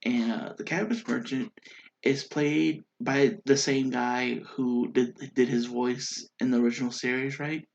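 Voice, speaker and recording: A man talks through a show review in a loose, excited way, trailing off and restarting his thoughts often. His voice sits at a medium pitch. The recording sounds a bit dull and lo-fi. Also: measured pace, vocal fry. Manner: rambling and chatty, with many fillers and restarts; excited and enthusiastic. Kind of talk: casual spoken review.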